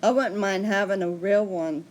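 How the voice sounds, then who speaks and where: A woman's voice: mid-range voice, normal speed, a little hiss or hum. A woman hosting a casual livestream, chatting and answering viewer comments. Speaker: livestream host.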